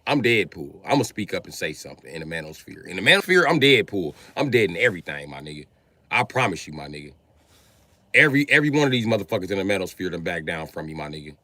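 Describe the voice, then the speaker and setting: A man's voice: sits low, sing-song, fast, bright, forceful tone, dry recording. A man hosting a livestream who talks in a heated, crude, combative rant. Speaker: livestream host. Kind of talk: profane live-stream rant. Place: livestream setup.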